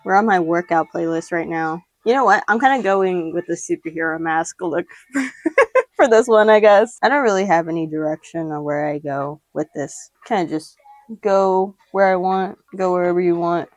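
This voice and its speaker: A woman's voice: fairly low pitch, moderate pace, dry recording. A young woman chatting casually through a makeup tutorial at home, rambling, giggling and swearing offhandedly while talking to the camera. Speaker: makeup vlogger.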